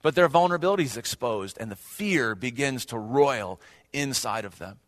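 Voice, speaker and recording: A man's voice: medium pitch, animated, normal speed. A male pastor preaching a sermon earnestly, with rhetorical questions and rising emphasis. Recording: long hall reverb.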